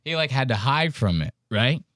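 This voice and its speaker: A man's voice: mid-range voice, animated, normal speed, fairly bright tone, dry recording. Male podcast host, rambling crude comic riffs, dry close sound. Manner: rambling, profane, jokey riffing. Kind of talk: crude comedic commentary on clips.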